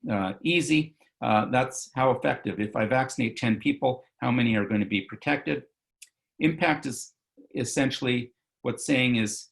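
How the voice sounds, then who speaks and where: A man's voice: mid-range voice, gravelly. A male physician giving an online medical lecture over slides, talking loosely with many fillers and self-corrections.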